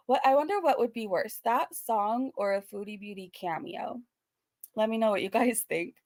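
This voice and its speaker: A woman's voice: mid-range voice, expressive, a little fast, creaky, a little mellow, no room sound, clean studio sound. A woman hosting a casual reaction commentary, sarcastic and laughing between remarks, with a self-described valley girl sound. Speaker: reaction channel host.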